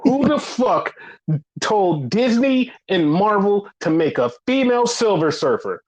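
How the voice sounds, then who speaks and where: Podcast host guy, pretty high voice, swearing a lot and ranting hot. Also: sing-song, measured pace, poor audio. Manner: profane, heated ranting. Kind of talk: casual podcast commentary.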